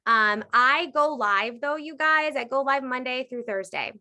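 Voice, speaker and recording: Woman, 30s, live team-coaching host, bright forceful tone, upbeat and emphatic. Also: sits high, measured pace. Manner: energetic, emphatic, repeats for emphasis. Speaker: direct sales team leader.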